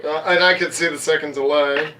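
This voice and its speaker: A man's voice: fairly high pitch, fairly even intonation, fast, pushed and bright, far from the mic, slight background noise. Man joking from off-mic in a roomy space. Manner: dry, joking asides. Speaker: co-host helper. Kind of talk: casual chat.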